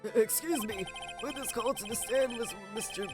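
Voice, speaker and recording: A woman's voice: a little high, moderate pace, natural voice. Woman doing a flustered old game judge. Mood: formal. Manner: flustered, exclaiming. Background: game music.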